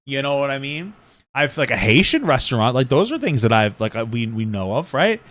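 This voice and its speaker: A man's voice: mid-range voice, a little fast. A man co-hosting a podcast, chatting casually and sarcastically while reacting to a clip. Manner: animated, sarcastic, joking. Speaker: podcast co-host.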